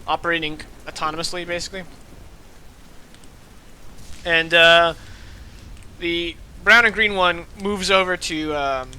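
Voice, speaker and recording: Guy running a tabletop game, high bright voice, lots of uh and like. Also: fairly even intonation, measured pace, pauses often, clean tone. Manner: loose, filler-heavy narration. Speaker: game master.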